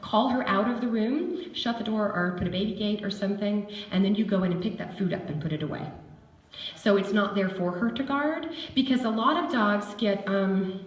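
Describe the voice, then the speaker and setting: A woman giving a lively, chatty seminar talk on dog behavior to a live audience. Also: mid-range voice, normal speed, distant mic, muffled recording. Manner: animated and chatty, acts out dog voices. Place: seminar hall. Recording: echoey room with faint ambience.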